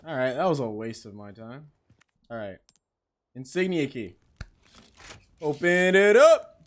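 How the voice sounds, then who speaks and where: A man giving casual let's-play commentary, excitable, swearing and reading game text aloud. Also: medium pitch, moderate pace. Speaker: gaming channel host.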